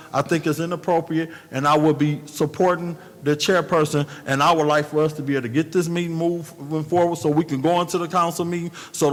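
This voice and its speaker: Brief: male council member, emphatic and plainspoken, somewhat high voice, recorded in an echoing meeting chamber. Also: a bit bright. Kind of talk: formal meeting remarks.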